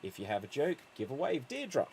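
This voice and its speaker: A man hosting a live online improv show, upbeat and quick to laugh, talking over a video call. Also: mid-range voice, wildly swooping pitch, a little mellow, slightly rough. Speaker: improv host.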